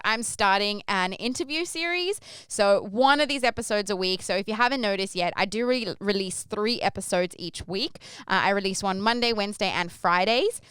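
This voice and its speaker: A young woman telling a story casually as a podcast host, animated and acting out the quoted voices. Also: medium pitch, clean tone, dry recording, clean studio sound.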